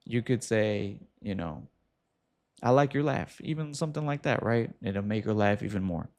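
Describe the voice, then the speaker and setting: Gravelly man giving casual advice. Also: on the low side. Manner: animated, talks straight to viewer with quick asides. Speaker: host.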